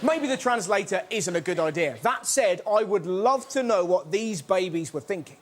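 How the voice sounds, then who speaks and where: A man hosting a topical comedy show, cheeky and excitable, shouting out his punchlines. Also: sits high, normal speed, heavy background noise. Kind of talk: stand-up topical comedy monologue.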